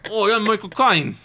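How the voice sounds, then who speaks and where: A self-satisfied aging English movie star with a put-on Cockney twang keeps tacking "isn't it?" onto everything, as a man hams it up. The voice sits highish and swoops around a lot. A faint hiss runs underneath. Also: full character voice. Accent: mock Cockney English.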